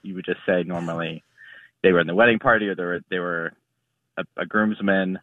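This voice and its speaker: A man's voice: sits low, fairly even intonation, fairly quick, dry recording. A man from Ohio calling a radio show, telling a story and quoting what people said to him. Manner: storytelling with quoted dialogue. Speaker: caller. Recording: tinny phone line.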